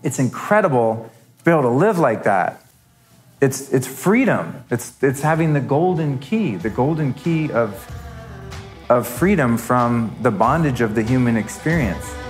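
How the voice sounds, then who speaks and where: A man's voice: medium pitch, lively intonation, a little slow, faint music behind. A middle-aged man hosting a live show, telling a story candidly and acting out the voices he quotes. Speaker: podcast host. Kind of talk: live talk to an audience.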